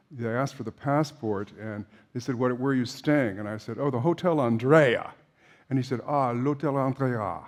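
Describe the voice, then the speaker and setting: A man's voice: mid-range voice, darkish tone. An older man giving an informal opera lecture to a class, chatty and anecdotal, with frequent fillers and restarts.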